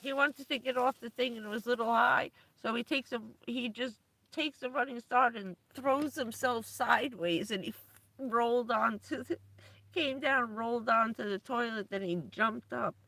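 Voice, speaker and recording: Gravelly, bright-voiced woman chatting. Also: fairly high pitch, normal speed, no room sound. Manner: chatty storytelling, laughs often. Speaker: livestream host. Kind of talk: casual chat to a live audience.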